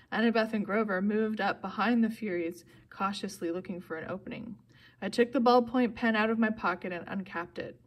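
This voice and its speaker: An audiobook reader, a woman, reads a novel aloud at a steady pace. When characters speak, her voice jumps louder and higher.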